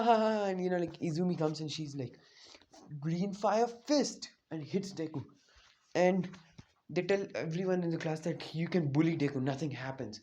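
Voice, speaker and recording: A man casually retelling a fan-made story, rambling with lots of fillers and restarts. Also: fairly high pitch.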